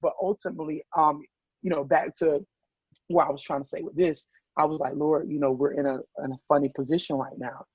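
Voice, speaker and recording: Southern man, husky and animated. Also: on the high side, fairly quick, no echo. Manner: animated storyteller acting out quoted voices. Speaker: podcast guest, business owner. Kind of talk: casual interview chat. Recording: dull, slightly muffled podcast audio.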